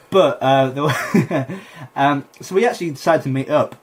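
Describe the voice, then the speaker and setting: A man's voice: mid-range voice, normal speed, a little hiss or hum. A young man, a comedian and podcast co-host, telling a rambling story with lots of fillers and laughter in casual chat.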